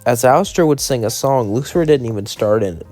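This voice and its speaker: A man's voice: mid-range voice, lively intonation, a little fast, a little mellow, soft background music. A man narrating a fan what-if story in a plain, run-on storytelling way.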